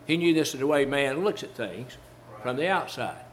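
With medium pitch and lively intonation, a man preaches a Baptist sermon at a moderate pace, a little hiss or hum audible. He repeats key phrases, recites King James scripture, and questions his listeners rhetorically.

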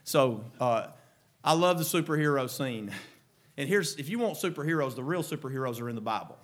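A man preaching a fervent sermon, breaking into shouted exclamations and then dropping to quieter, chuckling asides. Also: mid-range voice, expressive, fairly quick.

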